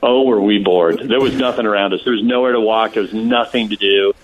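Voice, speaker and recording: A man calling in to a radio show, telling a story in an animated, laughing way. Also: on the low side, a little fast. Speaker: radio show guest on phone. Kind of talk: casual storytelling. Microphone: phone. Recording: tinny phone line.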